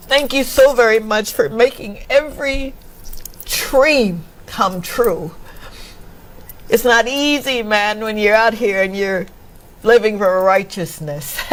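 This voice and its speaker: A woman's voice: fairly high pitch, slight background noise. A woman talk show host from Mississippi, emotional and laughing often as she thanks her audience. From Mississippi, USA. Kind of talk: casual chat.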